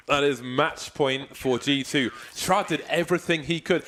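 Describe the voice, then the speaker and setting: Goofy guy casting esports, drawls stuff out then goes way up when it gets hype. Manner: jokey, playful, shifts between slow drawled lines and high excited calls. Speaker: esports commentator. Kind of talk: esports play-by-play commentary.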